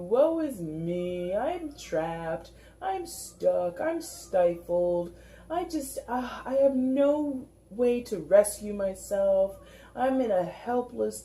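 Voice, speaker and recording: Reader doing a whiny sulky voice, way higher and dragged out, sarcastic mock-moaning. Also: warm tone, roomy sound. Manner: sarcastic, drawn-out mock lament. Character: whiny self-pitying sulker, melodramatic.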